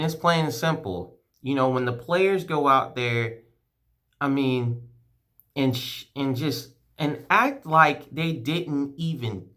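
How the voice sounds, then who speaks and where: A man's voice: medium pitch, sharp tone. A sports fan vlogger, a man, giving a heated, profane and emotional rant, rambling and restarting his sentences. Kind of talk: ranting fan vlog.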